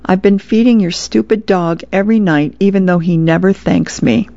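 A woman's voice: medium pitch, steady tone, moderate pace, creaky, dark tone, lightly acted. A woman voicing a cheeky little sister reading her own letter aloud in a sassy way. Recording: dull lo-fi radio sound.

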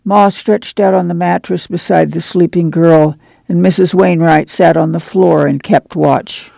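A man narrating a novel in a calm, measured reading. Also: a little high, creaky, dry recording. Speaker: audiobook narrator. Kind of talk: scripted narration.

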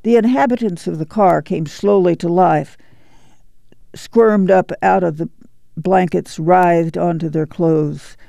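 A man reading a novel aloud as narrator, in a measured, unhurried way. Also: high voice, gravelly, warm tone, dry recording. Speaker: audiobook narrator. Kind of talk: scripted narration.

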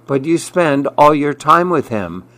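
A man's voice: a little high, very animated, a little slow, fairly bright tone, voice pushed up, exaggerated voice. A man reading aloud, voicing an upset young girl in a picture book who speaks with emphasis. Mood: emphatic. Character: upset young girl, hurt then forgiving.

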